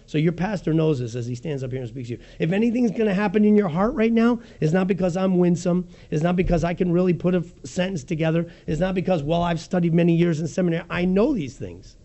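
A man preaching a sermon as pastor, with a raspy voice, animated and swinging between soft and loud, joking about his own slips. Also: fast, few pauses. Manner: animated preaching with wide swings in pitch and loudness; jokes at his own slips, laughs easily.

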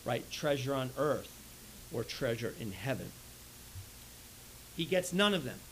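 A man preaching a sermon in an animated way, swinging between loud and soft, often checking in with "right?". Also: mid-range voice, unhurried, slight background noise, rough recording. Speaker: pastor.

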